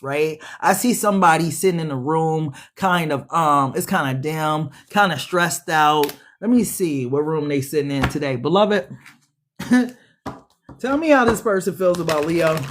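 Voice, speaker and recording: High-voiced animated man reading tarot. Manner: animated, swearing, laughing, talks back to the cards. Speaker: tarot reader. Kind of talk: casual tarot reading monologue.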